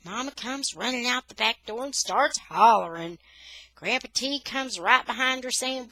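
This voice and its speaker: A woman reading a children's novel aloud in an expressive storytelling manner. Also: a little high, normal speed, dry recording, rough recording. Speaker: reader.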